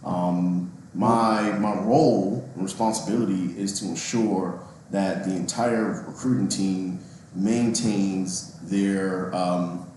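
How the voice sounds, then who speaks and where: A man guesting on a casual interview podcast, speaking in a relaxed, reflective way and chuckling now and then. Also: sits low, slow. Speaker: recruiting training and evaluation NCO, guest. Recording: very echoey room with faint background hum.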